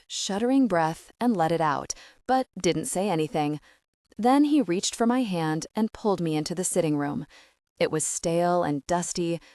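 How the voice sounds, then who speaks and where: A woman narrating a first-person story for an audiobook in an even, measured way. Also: on the low side, dry recording, studio quality.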